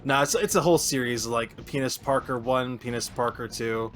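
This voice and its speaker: A man's voice: mid-range voice, moderate pace. A man co-hosting a game stream, chatting casually and joking with lots of laughter. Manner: lively, joking, laughs a lot. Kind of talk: casual chat.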